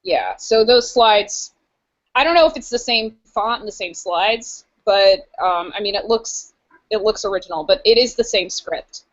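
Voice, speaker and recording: A woman's voice: medium pitch, unhurried, muffled recording. A young woman co-hosting a podcast in a casual, chatty, giggly way. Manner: chatty and giggly, full of fillers. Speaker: podcast co-host. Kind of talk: casual chat.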